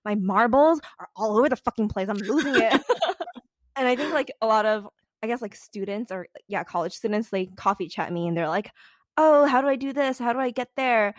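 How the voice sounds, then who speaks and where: A young woman co-hosting a podcast in casual chat, swearing freely and acting out quotes with big pitch jumps. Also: no room sound, studio quality. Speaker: podcast co-host.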